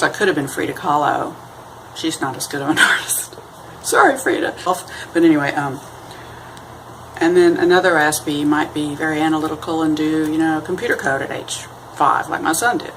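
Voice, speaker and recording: Low-voiced woman rambling through an explanation. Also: fairly bright tone, a little hiss or hum, poor audio. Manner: rambling, self-deprecating, acts out quoted voices in a high sing-song. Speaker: vlogger. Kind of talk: casual explanatory monologue.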